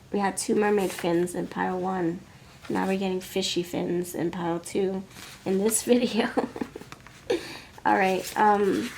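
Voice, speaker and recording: A woman's voice: medium pitch, gravelly, darkish tone, slight background noise. A woman giving a casual tarot reading, who keeps breaking into laughs, coughs and sniffles as she talks. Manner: giggly, coughing and laughing between sentences. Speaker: tarot reader.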